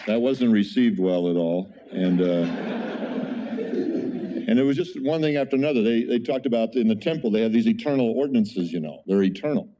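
A man preaching a conversational sermon as a pastor, telling an animated story with frequent exclamations. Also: fairly low pitch, a little fast, background noise.

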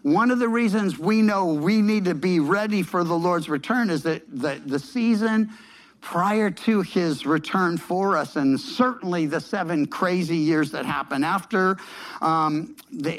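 A man's voice: high-pitched, unhurried, poor audio. A man preaching a sermon, explaining scripture in a conversational way, often restarting phrases and leaning on emphatic repetition. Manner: conversational, with frequent restarts and filler words. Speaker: pastor.

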